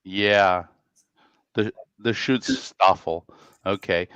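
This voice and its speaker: A man's voice: deep voice, very slow, fairly bright tone, smooth, no echo. A man hosting a casual podcast chat, talking in a hesitant way with many restarts. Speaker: podcast host. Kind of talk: casual conversation. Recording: dry, muffled mic sound.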